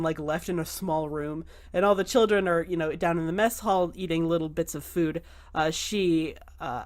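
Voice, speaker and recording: A woman narrating a tabletop game as game master in a casual, rambling way. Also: fairly low pitch. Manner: casual with many fillers.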